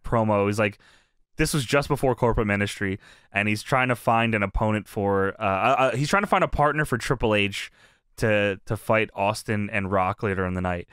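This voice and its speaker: A man's voice: fairly low pitch, a little fast, fairly bright tone, smooth, no echo, clean studio sound. A man co-hosting a podcast, recapping wrestling in casual, comedic chat, laughing often as he retells the show.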